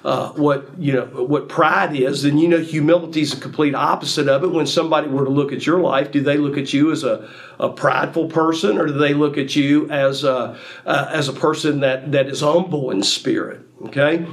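A man preaching a sermon in a slightly high voice. He circles back over his words, repeating them and leaning on fillers while he builds his point. The delivery is measured and earnest. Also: steady tone. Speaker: pastor.

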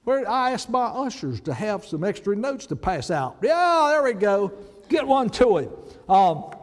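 A man's voice: high voice, darkish tone, big-room sound. A man preaching a sermon to his congregation, emphatic, and leading them through read-alongs. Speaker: pastor. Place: church sanctuary.

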